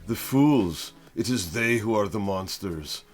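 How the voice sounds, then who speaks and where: A man's voice: fairly low pitch, lively intonation, a little slow, faint music behind. A man voicing a brooding young male mutant outcast, read plainly in his own voice with no accent. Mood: indignant. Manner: earnest, plain reading without accent.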